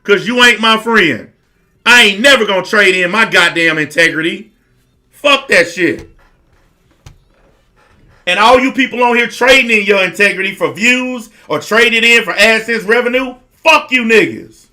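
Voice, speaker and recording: A man with a high-pitched, hard-edged and forceful voice rants to camera. He is blunt and confrontational, full of profanity, and he repeats lines for emphasis. Nothing about him is softened or polite. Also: animated, normal speed. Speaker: online commentator.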